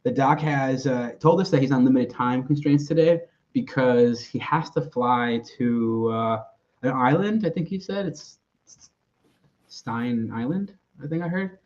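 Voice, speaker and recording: A man's voice: medium pitch, unhurried, a little mellow. Laid-back man on dull lo-fi audio. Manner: laid-back, profane, laughs easily. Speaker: podcast host. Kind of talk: casual sports podcast chat.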